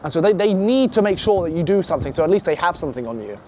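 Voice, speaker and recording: A man's voice: high-pitched, racing, a little hiss or hum. Man telling a wild story outdoors. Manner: animated, profane, acts out quoted voices. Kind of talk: casual spoken storytelling.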